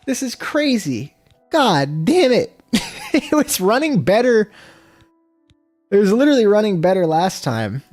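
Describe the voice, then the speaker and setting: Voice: mid-range voice, sing-song, unhurried, long pauses, a little mellow. A laid-back gaming streamer chatting to viewers, with a voice that swings up and down a lot. They curse freely and flare up when something frustrates them. Faint music plays underneath. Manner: swears freely, frustrated outbursts; laid-back, talks to chat. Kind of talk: casual gameplay livestream chat.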